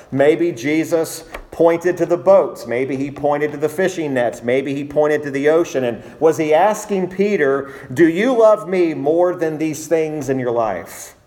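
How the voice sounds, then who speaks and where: Man preaching a measured sermon. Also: a little high, darkish tone. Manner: measured preaching with emphatic repetition. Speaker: pastor.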